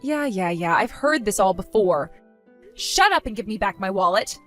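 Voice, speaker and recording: A woman's voice: mid-range voice, expressive, moderate pace, faint music behind, lightly acted. A woman voicing a weary, exasperated young married woman who answers with dry sarcasm in a text-story skit. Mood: fed-up.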